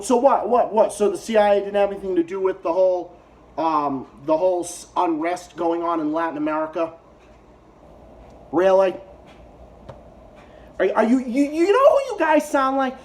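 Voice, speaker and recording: A man's voice: high-pitched, a little mellow. A man giving a heated, profane reaction rant to video clips, talking as a YouTube commentator.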